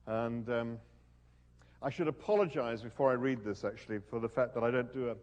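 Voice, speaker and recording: A man's voice: medium pitch, a little fast, darkish tone, muffled recording. A man giving a talk at a university event and reading aloud, wry and hesitant, with many ums and restarts. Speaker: guest speaker.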